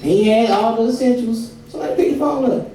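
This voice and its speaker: A man's voice: very high-pitched, quick pace, dark tone, a little hiss or hum. A man doing a stand-up comedy set on a club stage, telling stories in a profane, laughing way. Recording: echoey club from far off, crowd.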